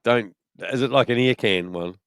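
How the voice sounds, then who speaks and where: A man's voice: medium pitch, normal speed, a bit bright, clean tone, dry recording, studio quality. A man co-hosting a podcast, teasing wryly in casual banter and often trailing off. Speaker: podcast co-host. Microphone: studio microphone.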